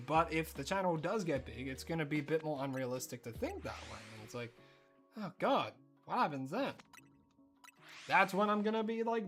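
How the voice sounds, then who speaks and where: A streamer with an Australian accent, chatting casually and rambling while playing, breaking into excited disbelief. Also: medium pitch. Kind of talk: casual live-stream chat while gaming.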